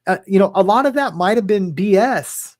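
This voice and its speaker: A man's voice: high-pitched, animated, moderate pace, a little mellow. A man hosting a casual talk show, rambling and hesitant, with lots of fillers and restarts and some casual swearing. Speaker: podcast host. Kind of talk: casual chat.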